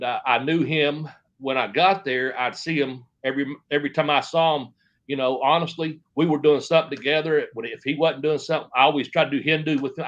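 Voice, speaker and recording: A man's voice: mid-range voice, a bit bright, muffled recording. A man, a former pro wrestler, telling stories in an interview, rambling with lots of fillers. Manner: rambling, filler-heavy, acts out quotes. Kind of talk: shoot interview storytelling.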